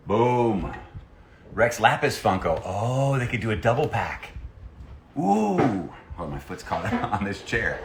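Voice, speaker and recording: A man's voice: on the low side, big pitch swings, moderate pace, fairly bright tone, reverberant, a little hiss or hum. A man, a voice actor, chatting playfully on a live stream while he signs autographs and reads out fan messages. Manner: playful and jokey, reading fan messages aloud. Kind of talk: casual live-stream chat.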